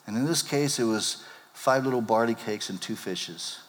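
A male pastor preaching a sermon, animated and acting out the disciples' lines in character voices. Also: fairly low pitch, moderate pace. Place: church sanctuary. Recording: long hall reverb.

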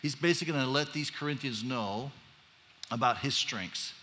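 A pastor preaches a conversational sermon in a church sanctuary, casual and chatty with joking asides. His medium-pitched voice is pushed and bright at normal speed, with the long reverb of a large hall.

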